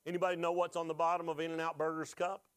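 A man's voice: fairly high pitch, little pitch movement, fast talker, smooth, dry recording. A pastor preaching a sermon, asking the congregation questions and rising with emotion as he is moved.

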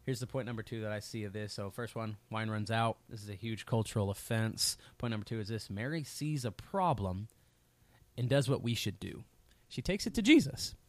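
A man's voice: lowish voice, moderate pace, no echo. A man in his thirties giving a sermon as a pastor, talking in a loose, conversational way with frequent fillers and restarts.

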